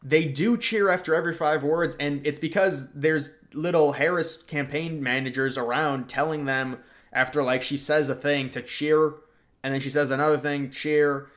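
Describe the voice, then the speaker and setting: A man's voice: a little high, steady tone, moderate pace, fairly bright tone. A young man hosting a livestream, reading chat and replying in a loose, slangy way. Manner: casual, slangy, reacting to chat and trailing off. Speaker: livestream host. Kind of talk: casual political livestream chat.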